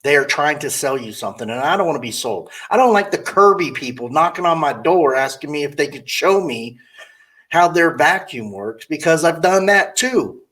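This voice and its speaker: Animated and sharp-toned, with a fairly high pitch and moderate pace, a man chats with a car saleswoman on his podcast. He rambles and gives blunt, candid opinions, regularly impersonating quoted customers in different voices.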